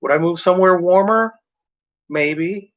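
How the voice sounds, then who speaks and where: A man's voice: high-pitched, a little slow. Profane rambling man vlogging. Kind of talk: casual rambling monologue. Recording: muffled lo-fi recording.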